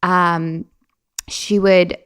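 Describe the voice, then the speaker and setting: A young adult woman speaking as a guest on an interview podcast, casually telling personal stories in an animated way, with lots of fillers and laughs. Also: lowish voice, drawn-out words, clean tone.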